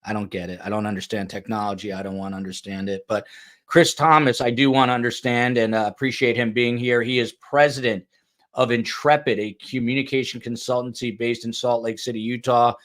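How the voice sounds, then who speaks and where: With a brisk, a bit bright delivery and fairly even intonation, this medium-pitched man runs a true crime podcast. He chats casually, makes fun of himself and reads aloud what viewers have written.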